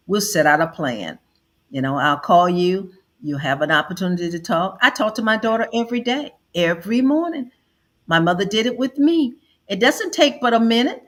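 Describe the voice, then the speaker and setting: A woman's voice: medium pitch, a bit bright. A middle-aged woman hosting an advice show, speaking emphatically and acting out quoted family members as she counsels. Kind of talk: counseling talk.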